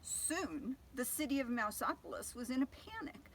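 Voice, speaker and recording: Older woman, storybook reading, gentle, fairly high voice, faint background noise. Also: big pitch swings, normal speed. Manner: gentle, asks listeners questions. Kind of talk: reading a picture book aloud to children.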